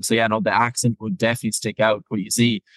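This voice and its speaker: Young irish guy on a video call, lowish voice, dry sound, lots of "like" and "I suppose". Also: flat delivery, no room sound, poor audio. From Ireland. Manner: quick talker with many fillers. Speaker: guest, personal trainer. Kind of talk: casual podcast chat.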